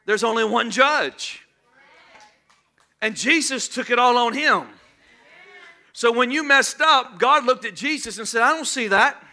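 A middle-aged man preaching a sermon as pastor, impassioned, shouting at times and calling for responses from the congregation. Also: very high-pitched, expressive, a little slow, long pauses.

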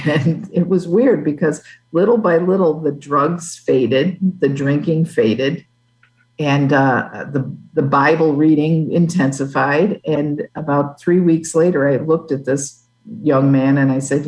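A woman's voice: sits low, a little mellow, low-quality recording. Earnest woman telling her testimony. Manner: earnest, halting storytelling. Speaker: guest. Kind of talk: testimony in an interview.

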